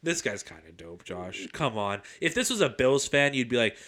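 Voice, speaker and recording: A man's voice: medium pitch, sing-song, moderate pace. A man co-hosting a casual sports podcast, joking, swearing and laughing. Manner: jokey, swears, laughs loudly. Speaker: podcast co-host.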